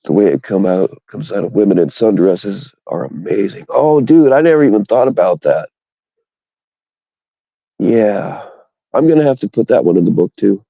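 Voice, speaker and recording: A deep, gravelly male voice with a very dark, mellow tone, joking crudely and rambling loosely as he chats with his stream. The sound is dry and a little dull and lo-fi. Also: very animated, moderate pace, no room sound. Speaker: livestream host. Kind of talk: casual crude chat with viewers.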